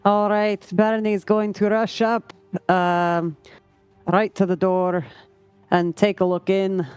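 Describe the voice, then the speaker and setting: A woman's voice: medium pitch, level tone, slow, a little mellow, clear, resonant tone, dry recording, faint music behind. Chatty woman playing a tabletop game. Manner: chatty, thinking aloud, laughing often. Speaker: player.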